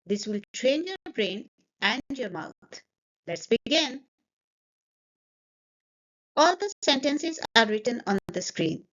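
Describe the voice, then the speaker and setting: A woman's voice: on the high side, big pitch swings, slow pace, long pauses, fairly bright tone, muffled recording. A woman teaching spoken English, saying each sentence twice and explaining intonation. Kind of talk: slow, clear pronunciation lesson.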